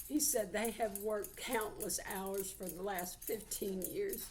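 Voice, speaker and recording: A woman's voice: medium pitch, slow, a little mellow, a little hiss or hum. A woman, giving a heartfelt channeled psychic reading. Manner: heartfelt, earnest, relays messages.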